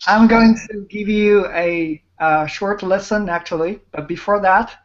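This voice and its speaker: A woman's voice: mid-range voice, unhurried. A woman from China, a native Chinese speaker and Chinese teacher, talking politely with careful wording on an online show. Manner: polite, laughs at own joke, careful wording. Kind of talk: online show guest talk. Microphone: video call audio. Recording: dull lo-fi video call audio.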